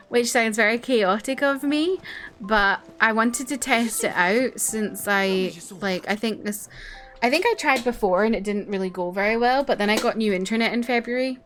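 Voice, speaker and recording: A woman's voice: a little high, moderate pace, a bit bright, soft background music. A young woman streaming a game, chatting with viewers in a bubbly, casual way, full of likes and laughs. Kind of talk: casual chat.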